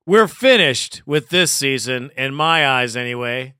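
A man's voice: mid-range voice, animated, a little slow, sharp tone, clear, resonant tone, dry recording, clean studio sound. A man hosting a sports podcast, giving casual postgame commentary and ranting in frustration with a laugh in his voice. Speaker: podcast host.

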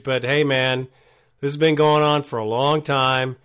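A man's voice: mid-range voice, moderate pace, a bit bright. A man hosting a call-in sports show, talking in a blunt, frank and casual way.

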